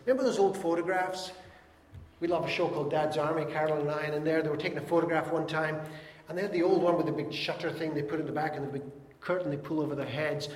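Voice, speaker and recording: A man preaches to his congregation with earnest warmth, sometimes dropping to a hush on key phrases and sometimes slipping in a light joke. His voice sits a little high for a man. The sound rings around a large, echoing church hall. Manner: earnest preaching, dropping soft on key words, jokey asides. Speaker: pastor. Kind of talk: sermon.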